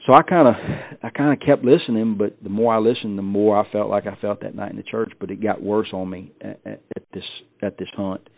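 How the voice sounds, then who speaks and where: A man's voice: on the low side, steady tone, brisk, creaky, hardly any pauses, no echo. A man guest on a podcast telling a personal story in a folksy way, often repeating and restarting his words. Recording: dry, phone-like tinny sound.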